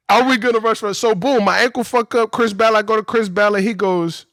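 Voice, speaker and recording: Man, higher voice, dry close sound, fired-up storytelling, cursing, slangy. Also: fast, hardly any pauses, no room sound. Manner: animated, profane, slangy, vents with heat. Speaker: former pro football player telling his story. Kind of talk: casual podcast storytelling.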